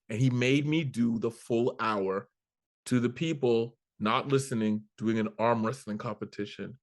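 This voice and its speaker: A man from Canada, a comedian guest in an interview, telling a story with animated energy and acting out the voices of the people in it. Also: medium pitch, unhurried. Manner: animated, acts out quoted voices, swears casually.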